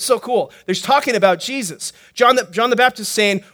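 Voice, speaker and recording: A male pastor preaching a sermon in an animated, playful way, joking and asking the congregation questions. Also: extremely high pitch, normal speed, hardly any pauses. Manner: animated, playful preaching with jokes and acted-out quotes.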